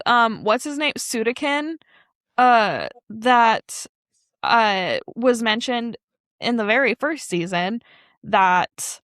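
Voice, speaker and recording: A woman's voice: a little high, fairly bright tone, clean tone, no echo, clean studio sound. A woman co-hosting a podcast, chatting casually and animatedly about an anime episode, rambling with fillers and laughter. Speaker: podcast co-host. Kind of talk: casual anime recap chat.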